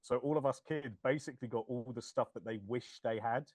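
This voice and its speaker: A man hosting a casual podcast chat, telling stories in an animated, jokey way. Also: medium pitch, a little fast, dry recording. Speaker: podcast host.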